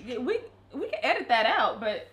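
A woman's voice: fairly high pitch, very animated, moderate pace, crowd noise. A young woman co-hosting a couple's channel, teasing her partner in casual banter and playfully calling out to the audience.

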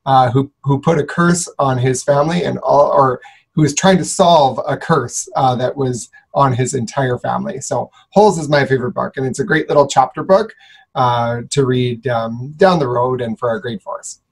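Husky-voiced man chatting easily with students. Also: mid-range voice, moderate pace, rough recording. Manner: relaxed, with frequent "uh" and "um". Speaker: school staff member. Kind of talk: casual chat to students.

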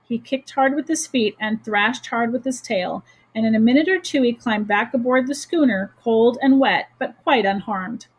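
A woman teacher reads a children's chapter book aloud with steady, expressive storytelling. Her voice sits a little high and has a husky, breathy edge. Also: moderate pace, few pauses, poor audio.

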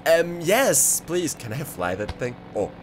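An excitable man commenting his way through a game, his voice a little high and swooping all over the place. He exclaims and rambles in quick asides, and loud game noise clatters behind him throughout. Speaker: gaming video creator. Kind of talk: let's play commentary. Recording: clear background game noise.

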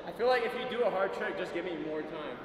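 A man's voice: high-pitched, expressive, fast talker, long reverb tail, poor audio. A man taking on a skateboard challenge who jokes about himself between attempts. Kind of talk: casual banter between attempts.

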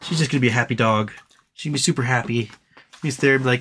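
A man's voice: animated, quick pace, fairly bright tone, a little hiss or hum. A man hosting a casual live stream, rambling and joking while reading chat and talking to his dog. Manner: rambling, jokey, talks to his dog in a high baby voice. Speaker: livestream host.

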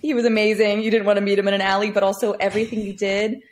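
Woman singing coach on a podcast, chatty, says "like" a lot, normal middle pitch. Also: level tone, rapid-fire. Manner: chatty, peppers speech with "like". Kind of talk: casual podcast conversation.

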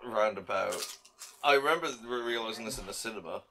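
A man's voice: on the low side, fairly quick, bright, forceful tone, a little hiss or hum. A young man co-hosting a casual film commentary, blunt and sardonic, with frequent swearing. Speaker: podcast co-host.

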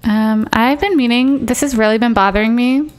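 A young woman chatting casually as she streams a life-simulation game, excitably telling her characters what to do. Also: a little high, moderate pace. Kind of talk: casual gameplay commentary.

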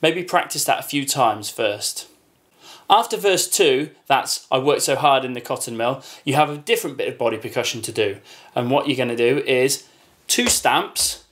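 A man teaching a music lesson at a mid pitch, patient and clear. He counts each beat aloud and demonstrates every sound himself. A faint hiss sits behind his voice. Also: fairly bright tone.

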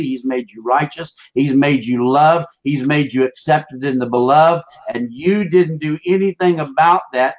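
Man, show host, closing thanks, gentle, halting, fillers, dull lo-fi sound. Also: medium pitch. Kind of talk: closing remarks to viewers.

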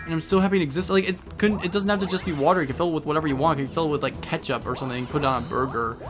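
A man's voice: fairly high pitch, rapid-fire, music in the background. A man casually commenting on a party video game, rambling and joking, often breaking into silly voices. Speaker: let's play gamer.

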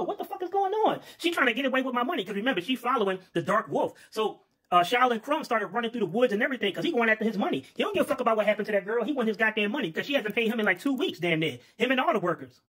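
Fast, bright comic storyteller man. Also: high voice, animated, husky. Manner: profane, rambling, casual. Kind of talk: comedic improvised storytelling.

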